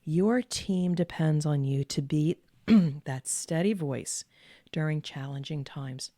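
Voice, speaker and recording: Middle-aged woman host, low steady voice, calm measured delivery, dry close room. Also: no room sound. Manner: calm, measured, with deliberate pauses; earnest and encouraging, repeats key words. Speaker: podcast host and executive coach. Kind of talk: direct-to-camera advice talk.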